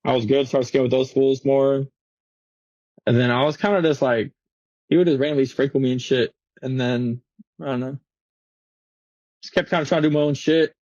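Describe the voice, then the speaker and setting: A man's voice: medium pitch, fairly even intonation, moderate pace, pauses often, a little mellow, dry recording, highs cut off. A young man in his twenties, a guest skateboarder telling stories in casual, slangy, swearing chat in a podcast studio. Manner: slangy, swearing, laughing storyteller.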